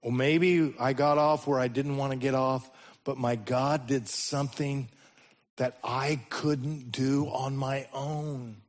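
A man preaching a sermon as the pastor, his voice swinging between sudden loud rises and slow, hushed drops. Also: medium pitch, steady tone.

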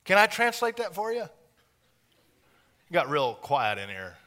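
A man preaching a sermon in a folksy, joking way, building up to loud, animated emphasis. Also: fairly high pitch, slow pace, pauses often.

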